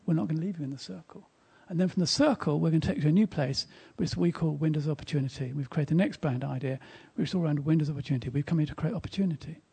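A man delivers a sermon in a gravelly, husky voice, pitched a little high for a man. His tone is mellow and dark. He tells his story with emphasis and turns hushed at tender moments. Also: rapid-fire, few pauses. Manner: emphatic, storytelling, drops to a whisper in quiet moments. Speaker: speaker at a church service.

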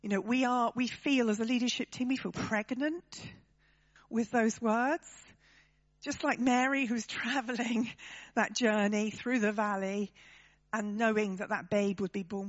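A woman's voice: medium pitch, dull audio. A woman preaching a sermon to her church, talking conversationally and turning to the congregation with tag questions.

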